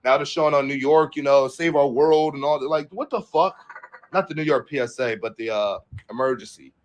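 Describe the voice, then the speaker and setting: A man's voice: medium pitch, a little fast. A young man hosting a political livestream, casually cursing and rambling as he reads headlines aloud and riffs on them. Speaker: livestream host.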